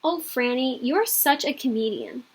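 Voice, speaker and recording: Warm-hearted, calm mother, read by a woman; soft and husky. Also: high voice, moderate pace, full character voice. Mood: reassuring. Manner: soft, reassuring. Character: gentle, affectionate mother, calm and reassuring.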